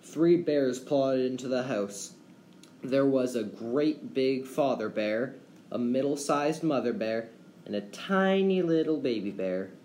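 A man's voice: mid-range voice, animated, takes it slowly, a little mellow. Man telling a bedtime story. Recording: roomy echo, faint background hum.

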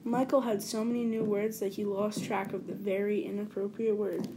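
A woman reading a children's picture book aloud, clear and deliberate, savoring each word. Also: mid-range voice, little pitch movement, background noise. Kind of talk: storybook read-aloud.

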